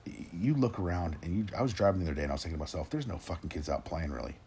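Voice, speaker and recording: A man in his forties with a very low, deep voice delivers a rambling, profanity-laced rant straight to his listeners. He circles back on himself with restarts and stacks curse after curse in a gruff, exasperated tone. A faint hum sits underneath the voice. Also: animated, rapid-fire, mellow. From Tennessee, raised in Oregon. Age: 40s. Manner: rambling, gruff, swears constantly, many restarts. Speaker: rant host.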